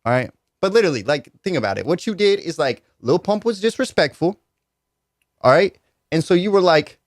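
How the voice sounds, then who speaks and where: A man's voice: fairly high pitch, very animated, a little fast, no room sound, studio quality. A young man, a radio host doing a mocking, joking comedy rant that repeats its lines. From United States. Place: radio studio.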